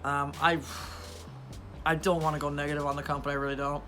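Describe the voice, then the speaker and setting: A man vlogging into his phone, hoarse from losing his voice and laughing often as he rambles on, frustrated. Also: on the high side, flat delivery, fast, sharp tone, faint music behind. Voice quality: weak voice. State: hoarse, lost voice. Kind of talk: casual vlog talk to phone camera. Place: outdoors in the rain, then indoors. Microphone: phone held at arm's length.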